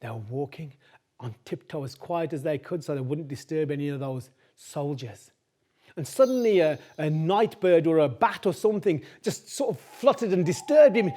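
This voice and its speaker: Storyteller guy, high-ish voice, chatty and animated, keeps talking right to the audience. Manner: animated, chatty, addresses listeners directly; repeats phrases for rhythm. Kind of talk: oral folk-tale storytelling.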